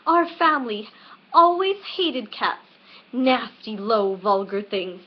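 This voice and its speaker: A woman voicing a small, touchy male mouse who speaks in a shrill, passionate voice, from a dull lo-fi webcam recording. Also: slow pace. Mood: indignant. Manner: passionate, indignant outbursts.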